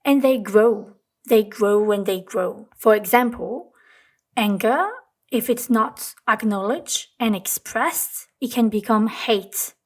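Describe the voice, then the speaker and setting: A woman hosting a self-help talk, speaking gently and reflectively, repeating phrases for emphasis. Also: a little high, slow pace. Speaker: host.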